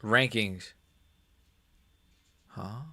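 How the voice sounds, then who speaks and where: Rambling, excitable man streaming live. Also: on the low side, extremely slow, vocal fry, no room sound, studio quality. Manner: rambling, excitable, restarts sentences often. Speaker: MMA YouTuber and live streamer. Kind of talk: casual live-stream commentary.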